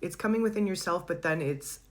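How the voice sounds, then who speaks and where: Woman, low voice, casual tarot reader, chatty, laughs a lot. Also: brisk, slight background noise. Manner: chatty, warm-hearted, laughs often, searches for words.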